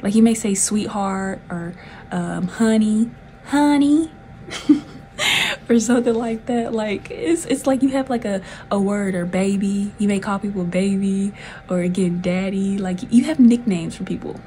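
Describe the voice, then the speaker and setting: A woman's voice: medium pitch, normal speed, mellow, a little hiss or hum, low-quality recording. A woman from the South, giving a chatty, laid-back tarot reading with frequent giggles. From Southern United States. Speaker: tarot reader.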